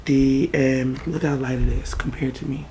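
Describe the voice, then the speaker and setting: A woman's voice: extremely low pitch, steady tone, normal speed, mellow, slight background noise. A woman vlogger chatting casually through a makeup haul, swearing freely and breaking into song now and then.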